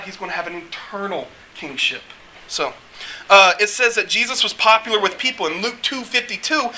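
High-voiced, bright, animated male preacher. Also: slight background noise, low-quality recording. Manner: animated, joking, acts out quotes. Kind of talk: casual sermon.

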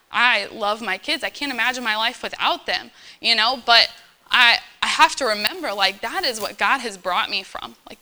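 A woman in her thirties preaches casually to young believers in a fairly high, very bright, sharp voice. She is earnest and chatty, full of fillers, and keeps checking in with her listeners. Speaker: church speaker. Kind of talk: informal sermon to young believers.

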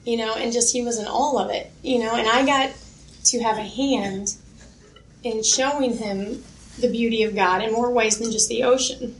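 A woman's voice: a little high, steady tone, moderate pace, a little hiss or hum. A woman speaking at a church workshop, sharing heartfelt stories about youth ministry and her kids. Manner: heartfelt, storytelling, laughs easily. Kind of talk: workshop talk. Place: conference room. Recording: echoey room with faint ambience.

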